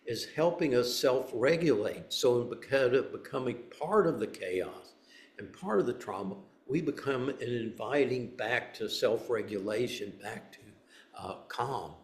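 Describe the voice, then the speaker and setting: A man's voice: mid-range voice, lively intonation, unhurried, roomy sound. A man teaching a meditation group, speaking in a loose, conversational way with frequent restarts. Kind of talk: dharma talk.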